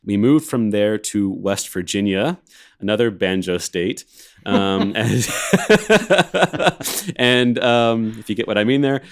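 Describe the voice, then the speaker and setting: A laid-back American man in his thirties with a very low, deep voice, from Alabama. He rambles through his story in a casual chat over a video call and laughs easily. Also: measured pace. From Alabama, USA. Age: 30s. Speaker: organist and film composer, co-host.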